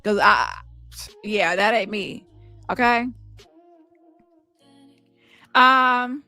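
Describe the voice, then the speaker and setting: A woman's voice: medium pitch, extremely slow, pushed and bright, faint music behind. A woman hosting casual commentary, blunt and profane, reading messages aloud and reacting with laughs. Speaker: commentary host.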